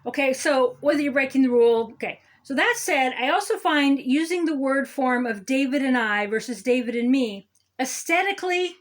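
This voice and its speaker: A woman's voice: high-pitched, fairly bright tone, full character voice. A woman playing a smug, condescending male city councilman who lectures on grammar in a satirical comedy monologue. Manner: condescending, lecturing, repeats "okay?".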